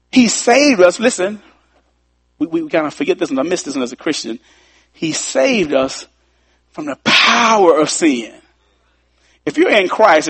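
A man preaching a sermon, repeating key lines, tossing in folksy asides and building up to shouts. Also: high-pitched, slightly rough.

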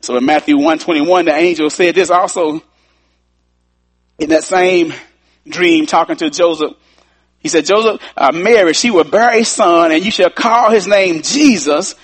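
A man preaching a sermon, repeating key lines, tossing in folksy asides and building up to shouts. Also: sits high, expressive, moderate pace, husky.

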